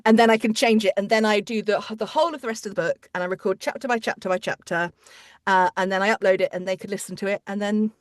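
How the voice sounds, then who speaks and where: A woman's voice: medium pitch, no echo. Chatty woman, dry close mic. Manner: chatty, quick asides and restarts. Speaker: audiobook narrator and coach. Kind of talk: casual interview chat.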